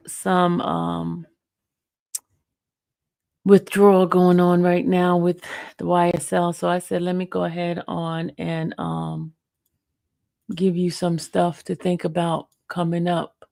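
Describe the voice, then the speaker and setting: Slow, gravelly-voiced woman hosting a livestream. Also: fairly low pitch, a little mellow. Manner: rambling, repeats words, many fillers. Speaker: channel host. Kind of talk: casual livestream commentary. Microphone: handheld mic held close.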